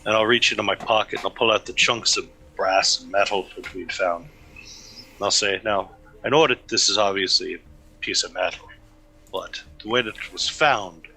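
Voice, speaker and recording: Male player, low pitch, crisp bright tone, tentative. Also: normal speed, poor audio. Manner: hesitant, describing his actions. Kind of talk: tabletop role-play.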